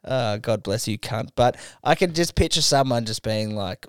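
A man's voice: mid-range voice, animated, normal speed, clear, resonant tone, dry recording, studio quality. A young man co-hosting a podcast, cracking crude jokes, swearing freely and slipping into silly put-on voices. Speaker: podcast co-host. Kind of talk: crude casual banter.

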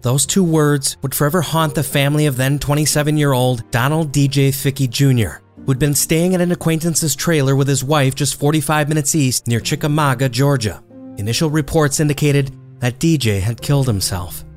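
Man narrating true crime over music. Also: mid-range voice. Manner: measured, dramatic storytelling delivery. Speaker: narrator and host.

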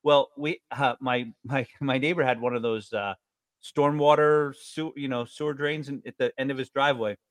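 A man's voice: normal speed, dry recording. A man in his forties from New York State, telling stories in casual chat. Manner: animated storyteller, jumps up in pitch.

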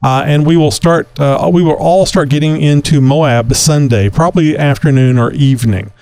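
A man's voice: on the high side, normal speed, a little mellow, dry recording. A man from Texas hosting a casual talk show, rambling with many fillers. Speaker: podcast host.

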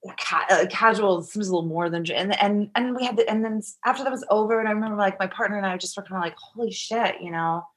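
A woman's voice: mid-range voice, rapid-fire, few pauses, fairly bright tone. Rambling, foul-mouthed middle-aged woman. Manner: rambling, profane, heavy use of "like". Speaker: guest. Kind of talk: casual interview storytelling.

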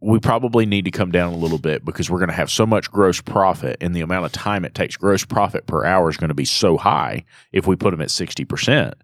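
A man's voice: low voice, brisk, few pauses, no room sound, clean studio sound. A man talking through repair shop pricing and scheduling, checking in with "right?" after each point. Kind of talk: casual business chat.

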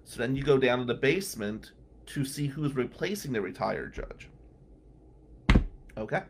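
A radio talk-show regular with a medium-pitched, creaky, slightly rough voice tells courthouse stories at normal speed. He's an animated anecdote-teller who acts out the people he quotes.

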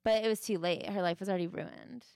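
A woman's voice: medium pitch, fairly even intonation, quick pace, creaky, darkish tone, clean tone, no echo, clean studio sound. A woman co-hosting a podcast, reading passages from a memoir and bluntly critiquing them, swearing now and then. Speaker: podcast co-host.

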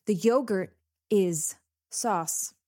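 A young woman co-hosting a podcast in casual chat, animated, emphatic and quick to laugh. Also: mid-range voice, no room sound, studio quality. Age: young adult. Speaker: podcast co-host.

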